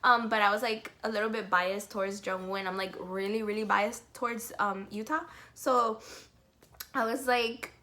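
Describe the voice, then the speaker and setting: A young woman vlogging an excited storytime, gushing with lots of "like" and breaking into giggles. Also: mid-range voice, moderate pace.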